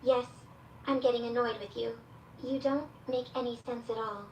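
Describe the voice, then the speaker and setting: A woman's voice: fairly high pitch, fairly even intonation, normal speed, darkish tone, slight background noise, natural voice. A woman voicing a female AI chatbot companion who reads out her own stage directions before each reply. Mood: exasperated. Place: played through a speaker in a room, picked up by a security camera. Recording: echoey speaker audio caught from far off.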